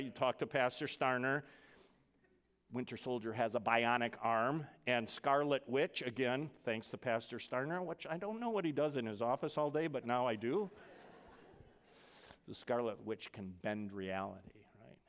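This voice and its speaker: A male pastor delivers a conversational sermon in a church, his smooth, resonant voice carried by a long hall reverb. He moves between casual, lively asides and a hushed, gentle tone for scripture and prayer. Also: medium pitch. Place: church sanctuary.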